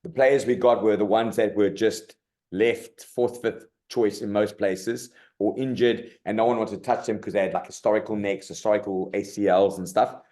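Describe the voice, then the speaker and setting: A middle-aged man from South Africa, a rugby coach telling stories in a casual interview, animated and colloquial, often saying "mate". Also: on the low side, moderate pace.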